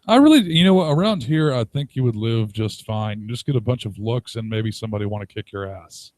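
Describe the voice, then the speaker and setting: This male co-host has an expressive, medium-pitched, somewhat mellow voice and talks a little fast. Chatting casually on the podcast, he wanders from point to point, gets crude, laughs frequently, and performs quotes in character.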